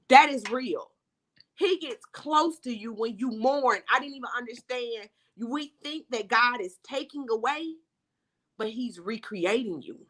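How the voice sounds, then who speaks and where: A woman's voice: on the high side, a little slow, fairly bright tone. A woman author telling her faith testimony in a conversation, earnest and heartfelt, with many "you know" asides. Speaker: author guest.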